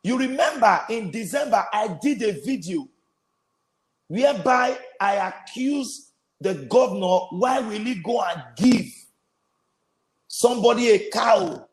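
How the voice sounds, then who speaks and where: A man hosting a commentary show, repeating his points slowly and emphatically to viewers. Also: high-pitched, animated. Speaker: host. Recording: echoey room.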